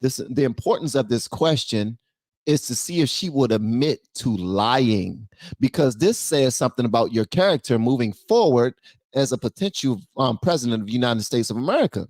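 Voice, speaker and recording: A man's voice: medium pitch, lively intonation, normal speed, darkish tone, no echo. A man from Southeast Washington, D.C., giving casual, emphatic reaction commentary straight to his viewers. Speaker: YouTube commentator reacting to a clip.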